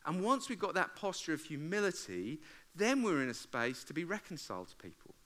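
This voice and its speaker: Man, forties, pastor preaching a sermon, very lively pitch, humorous, bursts into loud acted-out rows. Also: brisk. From England. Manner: animated, acts out arguments with loud outbursts; humorous, conversational. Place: church service before a congregation.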